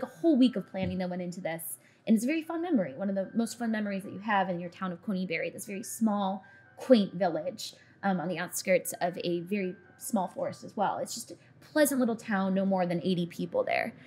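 A woman's voice: medium pitch, a little mellow. A woman narrating a tabletop role-playing game as dungeon master, describing scenes in a loose, meandering way with fillers.

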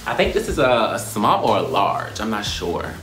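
A young man in a casual vlog, talking in a playful, slangy way and often breaking into high squeals. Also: sing-song, normal speed, a bit bright, soft background music. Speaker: YouTuber.

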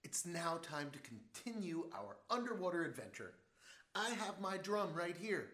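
A man's voice: sits high, sing-song, moderate pace. A man teaching a music class for small children, playful and leading call-and-response. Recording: roomy sound with loud music. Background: drumming and music.

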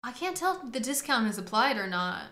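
A woman giving excitable, profane play-by-play commentary on a game, often breaking into laughter. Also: a little high, brisk, roomy sound. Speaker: gaming streamer. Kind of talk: casual gameplay commentary. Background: faint game music.

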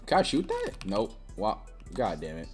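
A young woman giving live gameplay commentary, trash-talking with sudden excited yelps and shouts. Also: extremely low pitch, normal speed, music in the background. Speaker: gaming channel host.

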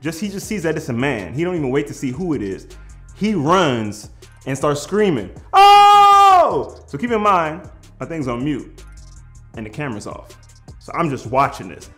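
A man telling a funny personal story in casual slang, animated and prone to shouting out the lines he quotes. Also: on the high side, moderate pace, soft background music. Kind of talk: comedic storytelling.

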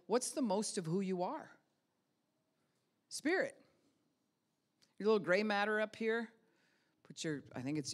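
A woman pastor giving a casual spiritual teaching talk, conversational, with many rhetorical questions and light laughs. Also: low-pitched.

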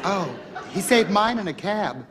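An actor playing a polite, gracious stage performer, speaking in a soft, well-mannered way in 1970s sitcom style. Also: male voice, high voice, lively intonation, a little slow, a loud crowd, heavy background noise. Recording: old TV tape with loud audience laughter.

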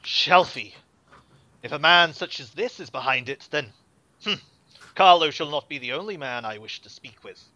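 Man plays an eager, fumbling, over-polite young nobleman, pitched up, animated, dry and dull. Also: normal speed, no echo. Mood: resolute. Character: young eager nobleman, about twenty, flustered.

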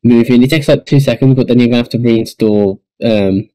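A man co-hosting a podcast, chatting in a relaxed, offhand way with some hesitation. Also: mid-range voice, a little fast, clean tone, no echo, rough recording. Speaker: podcast co-host. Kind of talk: casual podcast chat.

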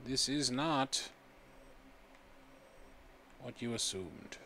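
Soft background music plays as a streamer jokes his way through a game, chatting to himself in casual let's-play commentary. His mid-range voice is expressive and a bit bright, unhurried and broken by long pauses.

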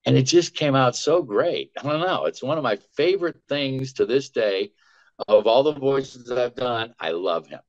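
A man who is a voice actor, telling chatty, animated stories about his work as a guest. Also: mid-range voice. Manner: chatty, animated anecdotes with quick asides. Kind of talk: casual storytelling. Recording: dull lo-fi sound.

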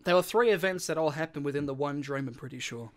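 Speaking quickly in a slightly high voice, an Australian podcast co-host rambles through a long, casual story full of repeated words and relaxed swearing.

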